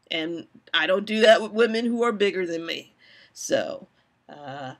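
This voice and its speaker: A woman in her forties chats through her own live stream in a loose, candid ramble, often restarting her sentences. Her voice sits a little high and has a strong, bright edge. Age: 40s.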